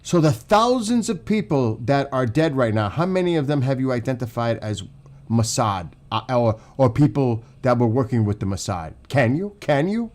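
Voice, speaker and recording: A man's voice: medium pitch, sing-song, moderate pace, darkish tone. A man with a New York accent hosting a live stream, ranting emotionally and profanely about politics to his chat. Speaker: livestream host. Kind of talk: heated political commentary to chat.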